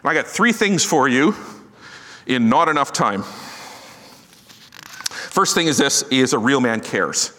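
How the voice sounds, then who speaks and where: Middle-aged male pastor, chatty self-mocking sermon, bright tone, big reverberant hall. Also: mid-range voice, sing-song, measured pace, pauses often. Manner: conversational and self-deprecating, joking asides. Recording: long reverb of a large hall.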